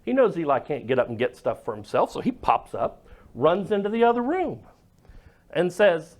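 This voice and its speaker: A man preaching a sermon, telling the story dramatically and dropping to a hush at moments. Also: a little high, sing-song, moderate pace, long pauses. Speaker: pastor.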